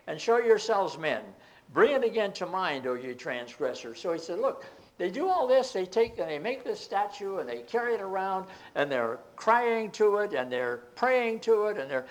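A man's voice: sits high, big pitch swings, normal speed. A man preaching a Bible teaching, reading scripture aloud and explaining it with emphatic outbursts.

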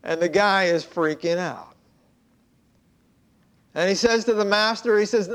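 A man preaching a sermon, telling a parable conversationally with hushed asides. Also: sits high, unhurried, pauses often. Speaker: pastor.

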